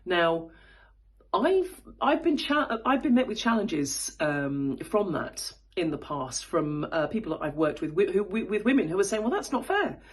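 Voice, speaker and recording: A woman coaching public speaking, who explains vocal technique in a thoughtful way and shows examples by moving her pitch from high to low. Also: sing-song, measured pace, husky. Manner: thoughtful, with frequent fillers and restarts. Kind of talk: spoken voice lesson.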